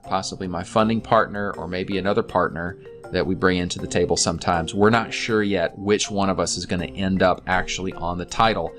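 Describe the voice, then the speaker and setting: A man's voice: low voice, a bit bright. A man reading a real estate form aloud clause by clause, breaking in with light jokes and side notes. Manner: reads clauses aloud, then jokes and asides. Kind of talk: casual explainer reading a document aloud.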